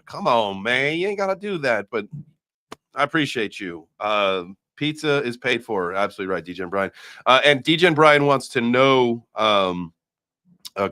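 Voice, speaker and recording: Upbeat bright-voiced male stream host. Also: mid-range voice, no room sound, studio quality. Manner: upbeat, reads super chats, thanks viewers. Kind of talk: live stream hosting.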